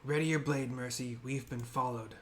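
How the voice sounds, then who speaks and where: A man voicing a gruff male swordsman in a video game, with a curt, plain reading. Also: mid-range voice, fairly even intonation, moderate pace, slight background noise, lightly acted. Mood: terse.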